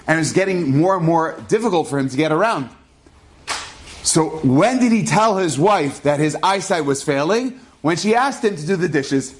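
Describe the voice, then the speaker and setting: A man tells a story with animated energy, his voice sitting slightly high. He moves quickly through the tale and keeps it lively. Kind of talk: oral storytelling.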